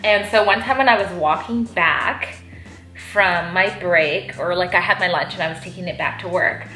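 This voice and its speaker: A woman's voice: on the low side, normal speed. Chatty lady folding laundry and rambling, echoey room, little music underneath. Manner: chatty, animated, lots of "like", jumps to loud outbursts when retelling. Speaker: vlogger. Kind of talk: casual storytelling chat while folding laundry.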